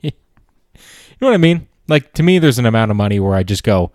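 A man talks through a loose, comedic podcast monologue, rambling from one gripe to the next with a sardonic edge and plenty of swearing. His voice sits fairly low. The sound is dry and close, with no room around it. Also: very animated, fast, darkish tone, no echo. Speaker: podcast host.

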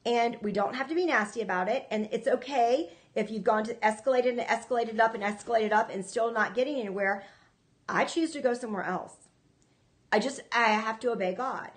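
A woman's voice: on the high side, a little fast. A woman hosting a ministry show, preaching to viewers in an earnest, emphatic way, often repeating herself. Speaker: ministry host.

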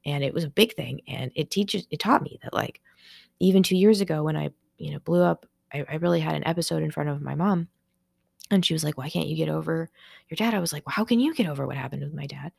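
A young woman talks alone on her podcast, her voice low-pitched and thick with vocal fry. She rambles and restarts, leaning on "like" as she works through something emotional. The sound is close and dry, with no room around it. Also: quick pace, a little mellow, no room sound. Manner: emotional and rambling, heavy with filler "like"; searching, restarting sentences while processing aloud. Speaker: podcast host. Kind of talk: personal podcast monologue.

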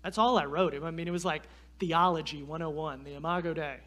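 A man from North Carolina preaches, his voice high and bright. He tells a story with animated, self-deprecating humor. His voice is sharp and forward as he builds to his point. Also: brisk. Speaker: guest preacher. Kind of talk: storytelling sermon.

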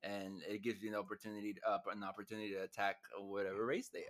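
A man's voice: fairly low pitch, little pitch movement, fast, a bit bright. A man co-hosting a podcast in loose, joking chat, laughing often and slipping into joke voices. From Mexico. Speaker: podcast co-host. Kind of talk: casual podcast banter.

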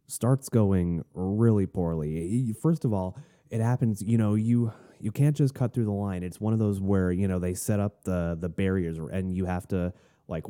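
A man hosting a podcast rambles through a story with wry, self-deprecating asides. His voice sits low, with a very dark, mellow timbre. He speaks in a casual, conversational tone. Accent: none, non-Southern American. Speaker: podcast host.

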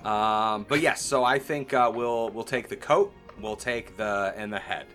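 A man's voice: lowish voice, measured pace, fairly bright tone, faint music behind. A man playing a tabletop game, talking in a rambling, casual way, swearing and saying "like" often. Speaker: player.

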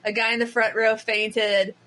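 Bright, chatty woman podcaster. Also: on the high side. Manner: chatty, animated storytelling with quick asides. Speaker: podcast co-host. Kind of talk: casual chat.

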